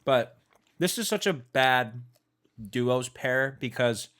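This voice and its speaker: A man's voice: mid-range voice, lively intonation, slow pace, fairly bright tone. Easygoing young man co-hosting a snack podcast. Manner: easygoing, chats while chewing. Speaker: podcast co-host. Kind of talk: casual snack-tasting chat.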